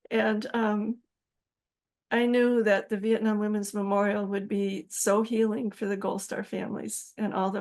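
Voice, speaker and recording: A woman in her seventies, interviewed as an author, telling stories with animated energy and frequent laughter. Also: mid-range voice. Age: 70s. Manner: animated storyteller, acts out quoted voices, laughs often. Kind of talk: storytelling interview.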